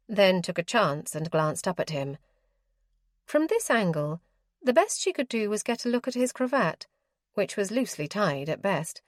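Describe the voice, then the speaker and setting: A woman narrating a historical romance audiobook in a measured, expressive storytelling manner. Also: mid-range voice, no echo, clean studio sound. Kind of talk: scripted narration.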